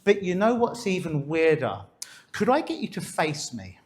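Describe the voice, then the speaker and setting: A man with a high voice that swings hugely in pitch, speaking at a normal pace, works as a stage hypnotist. Before an audience, he coaxes and instructs a volunteer during a live demonstration.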